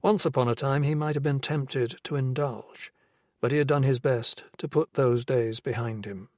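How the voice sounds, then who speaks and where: A man reads a crime novel as scripted narration, measured and even. His voice sits at a medium pitch. The recording is dry and close, with no room sound. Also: no room sound. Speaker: audiobook narrator.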